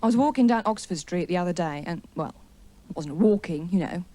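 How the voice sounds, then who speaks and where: This stand-up comedian has a low-ish, warm voice, animated and brisk. On stage in a TV studio with a live audience, she spins a chatty story full of wry self-deprecation while teasing the people watching.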